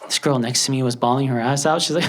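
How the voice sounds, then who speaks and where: A man in his thirties from Lebanon doing a stand-up comedy set, telling stories in an animated way and acting out the voices. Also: medium pitch, quick pace, slight background noise. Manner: animated storytelling with acted-out voices. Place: stage before a live audience.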